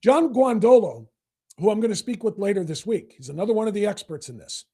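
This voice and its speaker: A man hosting a political talk show, delivering an emphatic, repetitive monologue that builds to forceful outbursts. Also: high voice, animated, a little fast, breathy edge. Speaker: podcast host.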